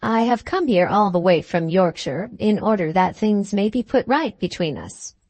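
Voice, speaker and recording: A woman reading the part of a proud Victorian gentleman suitor in an audiobook, formal and insistent. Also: mid-range voice, expressive, moderate pace, no room sound.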